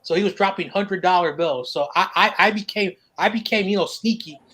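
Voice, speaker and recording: High-pitched guy, lively storyteller, laughs a lot, swears. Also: fairly quick, rough recording. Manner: animated, laughing, profane. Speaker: podcast host. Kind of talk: casual chat, storytelling.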